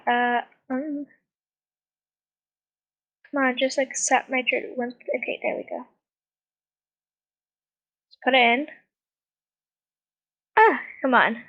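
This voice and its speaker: A woman's voice: high-pitched, fairly bright tone, highs cut off. A woman hosting a gaming channel in a chatty, rambling way, often sighing and giggling, with a non-American accent. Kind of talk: casual gameplay commentary.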